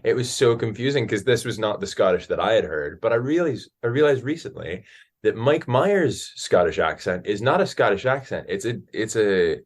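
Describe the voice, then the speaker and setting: Deep-voiced American man telling stories. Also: normal speed, slightly rough. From Alaska, USA. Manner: animated storyteller, jumps into quoted voices. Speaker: podcast guest, actor. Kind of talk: casual interview chat.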